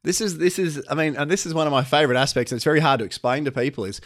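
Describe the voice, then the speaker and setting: A man's voice: fairly high pitch, rapid-fire. An Australian man co-hosting a racing podcast in casual chat, blunt and cheeky, swearing freely. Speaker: podcast co-host.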